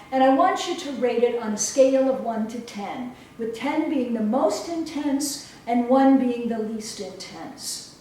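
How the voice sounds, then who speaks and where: A woman coach giving a motivational talk and leading a guided exercise with slow, emphatic, soothing instructions. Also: fairly high pitch, darkish tone. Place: event hall. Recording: roomy echo from far off, faint noise.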